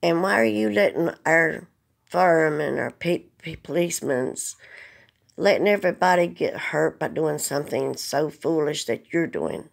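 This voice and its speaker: Her low-pitched, gravelly voice moves at a normal speed. She is a vlogger delivering an emotional message straight to the camera, pleading earnestly and plainly while trying not to cry.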